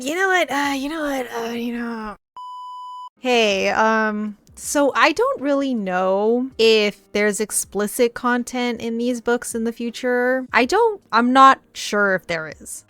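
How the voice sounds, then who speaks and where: A woman's voice: on the high side, a bit bright, dry recording. A woman reading a novel aloud and reacting as she goes. She often laughs, squeals and breaks off mid-sentence.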